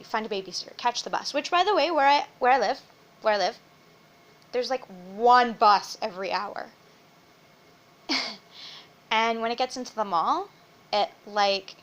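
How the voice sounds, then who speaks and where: A woman's voice: medium pitch, creaky, a bit bright, muffled recording. A young woman venting casually at home, rambling and swearing freely. Her voice is strained from a sore throat and sometimes drops to a whisper. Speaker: vlogger. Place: at home with her baby nearby.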